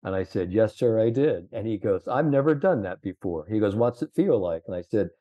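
A middle-aged man spins long, rambling stories full of "you know" and acted-out quotes. His voice sits on the low side. The sound is dry and a little dull. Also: lively intonation, brisk, no room sound. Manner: rambling anecdotes with many fillers, quoting others. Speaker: guest, sports psychologist. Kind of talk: casual storytelling.

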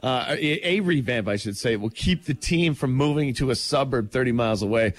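A man's voice: mid-range voice, brisk, no echo. A man co-hosting a morning radio show, bantering and laughing about sports with his co-host in the studio. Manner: animated, laughing, playful banter. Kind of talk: casual sports chat. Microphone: studio mic.

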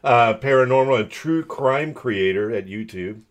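A man's voice: mid-range voice, unhurried. A man with a Californian accent, hosting a podcast in a loose, joking, rambling way. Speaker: podcast host.

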